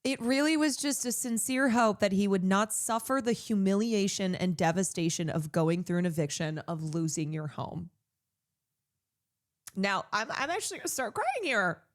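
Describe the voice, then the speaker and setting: A woman's voice: mid-range voice, normal speed. A woman streamer reading a news story aloud and breaking in with heated, profane asides. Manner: profane, indignant. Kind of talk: casual news commentary.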